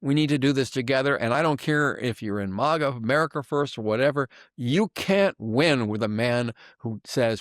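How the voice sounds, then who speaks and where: A man's voice: mid-range voice, expressive, moderate pace, hardly any pauses, no room sound, studio quality. An older man delivering an angry, sarcastic political commentary monologue, emphatic and heated.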